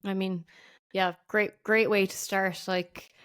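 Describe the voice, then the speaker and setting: A woman's voice: medium pitch, little pitch movement, slow, fairly bright tone, clear, resonant tone. A woman hosting a podcast interview, talking in a rambling, enthusiastic, casual way. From Ireland. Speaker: podcast host.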